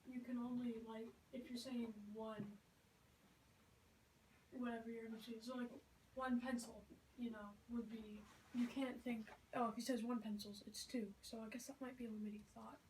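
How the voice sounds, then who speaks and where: A young woman works through grammar questions in a home lesson, thinking aloud with plenty of "like" and "so". Her voice sits a little high. She is recorded from a distance in a roomy space, with faint noise behind. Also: flat delivery, normal speed, darkish tone. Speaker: student.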